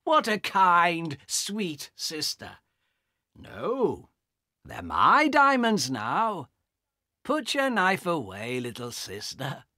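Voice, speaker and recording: A man voicing a greedy, cruel young man in a storybook, talking in a slow mocking drawl. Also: fairly high pitch, sing-song, a bit bright, dry recording, studio quality, voice pushed up.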